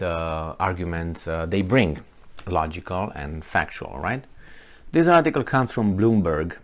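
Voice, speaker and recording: A man with a lowish voice reads news articles aloud and comments on them casually. His delivery is halting, full of fillers and restarts, and he grows heated and sarcastic.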